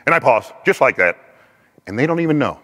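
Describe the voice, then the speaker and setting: A man giving a faith-based teaching talk in a lively, conversational way, acting out quoted speech. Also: medium pitch, a little fast, big-room sound.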